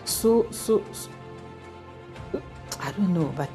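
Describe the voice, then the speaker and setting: A woman's voice: lowish voice, expressive, takes it slowly, dark tone, faint music behind. A woman, a foundation official speaking earnestly and with emotion in an interview. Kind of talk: interview answers.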